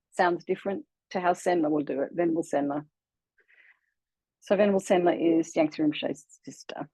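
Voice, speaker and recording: A woman from Australia with an Australian accent, a Buddhist nun teaching a class in a relaxed, chatty way, laughing easily and sounding out mantras slowly. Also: lowish voice, slightly rough, no room sound, poor audio.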